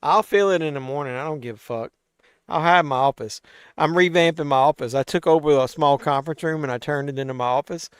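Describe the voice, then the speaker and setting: A man with a fairly high, smooth voice hosts a live stream from a home desk mic, answering chat as he goes. He is tipsy and swears freely. The sound is dry and close. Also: quick pace, no room sound. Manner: loose and profane, tipsy, reacting to chat. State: tipsy from drinking. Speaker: host of a live watch-along stream. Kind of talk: casual live-stream chat, reading chat aloud.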